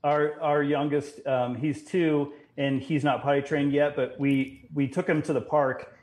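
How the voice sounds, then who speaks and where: Halting young man chatting casually. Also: on the high side, little pitch movement, darkish tone. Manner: halting, full of fillers and restarts. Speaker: guest. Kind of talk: casual podcast chat.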